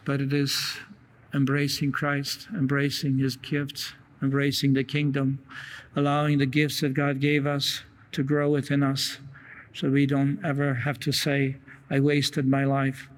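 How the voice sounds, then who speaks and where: A man preaching a sermon in an earnest way, reading long quotations aloud with pauses and small restarts. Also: mid-range voice, completely flat delivery.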